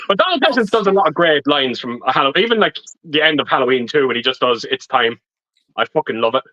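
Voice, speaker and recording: High, lively, sweary man on lo-fi audio. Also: fast talker, no room sound. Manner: sweary, self-deprecating banter. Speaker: regular panelist. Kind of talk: casual livestream chat.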